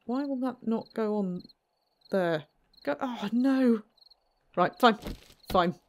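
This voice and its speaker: A woman talks through her gameplay in a chatty, self-deprecating ramble, laughing at herself often. Her voice sits on the higher side, and there is a faint hiss behind it. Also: slow. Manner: self-mocking, chatty, giggly. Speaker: gaming channel host. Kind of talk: let's play commentary.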